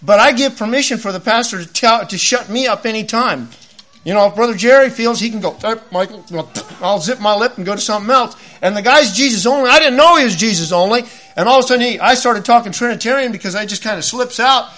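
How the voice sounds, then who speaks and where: A man's voice: sits high, fast talker. A middle-aged man preaching a sermon, telling stories and acting out the voices of the people in them. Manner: animated, acts out voices in his stories. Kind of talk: sermon with storytelling.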